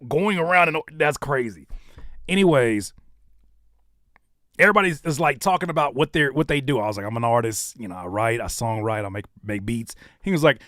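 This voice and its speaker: Animated man with lively pitch. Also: fairly quick, no room sound, studio quality. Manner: animated, rapping lines back and doing voice impressions. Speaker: rapper and producer reacting to viewer music. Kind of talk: casual live stream chat.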